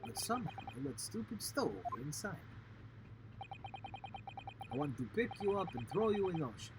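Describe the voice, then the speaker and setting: A man voicing a surly, gruff male ship's guard with a put-on Russian accent and broken, blunt English. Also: a little high, big pitch swings, normal speed, very noisy.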